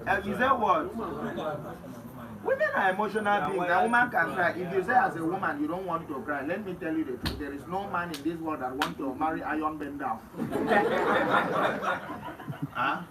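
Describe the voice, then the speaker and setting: A man with a Nigerian accent, talking emphatically in a casual interview, often laughing and swinging between loud outbursts and hushed remarks. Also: a little high, moderate pace, pauses often, a loud crowd. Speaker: interview guest. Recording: distant mic with noisy background.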